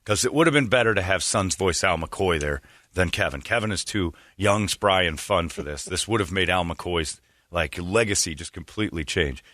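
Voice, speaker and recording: A man's voice: sits low, moderate pace, dry recording, studio quality. A man hosting a radio show, telling a long rambling anecdote and quoting the people in it. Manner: rambling, animated anecdote with quoted voices. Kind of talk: storytelling on a sports radio show.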